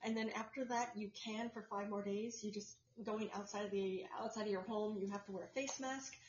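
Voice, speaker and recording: A woman's voice: medium pitch, steady tone, brisk, a little mellow, a little hiss or hum. A woman co-hosting a podcast in casual chat, explaining at length with plenty of fillers and restarts. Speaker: podcast co-host. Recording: roomy, dull lo-fi sound.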